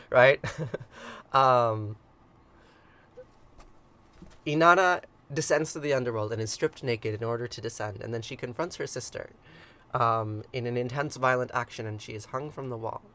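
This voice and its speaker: A man of middle pitch hosts a relaxed morning livestream from his computer mic. He reads an ancient myth aloud, then drifts into loose chat with viewers. His delivery is hesitant and full of ums, broken up by frequent chuckles. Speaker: livestream ritual host.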